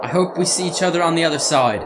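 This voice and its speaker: A man's voice: on the high side, quick pace, background noise. A man playing his character in a tabletop game, stammering and sarcastic. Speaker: player. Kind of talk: in-character role-play.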